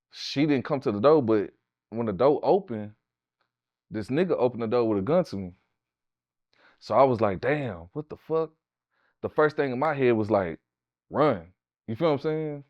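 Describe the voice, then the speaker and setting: A man's voice: no room sound, dull audio. Profane Houston man telling stories. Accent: Southern US, Houston. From Houston, Texas. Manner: animated, profane, raises pitch for quoted voices. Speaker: interview guest, tattoo artist. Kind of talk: casual storytelling.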